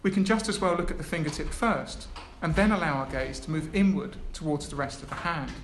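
A man's voice: on the high side, a little fast, a bit bright. A man gives an academic lecture, reading a prepared text with hesitant asides. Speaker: academic speaker. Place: lecture room. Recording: echoey room, faint background noise.

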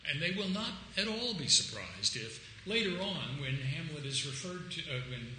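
A man giving an academic lecture, emphatic and animated, sometimes acting out quoted lines. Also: fairly high pitch, moderate pace. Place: lecture room. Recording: echoey lecture room with faint noise.

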